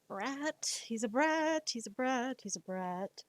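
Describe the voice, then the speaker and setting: Woman streamer just chatting, slow easy pace, kinda high voice, teases her cat. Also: animated, dry recording. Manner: chatty, scolds her cat playfully between topics. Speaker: streamer and artist. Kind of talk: casual live-stream chat.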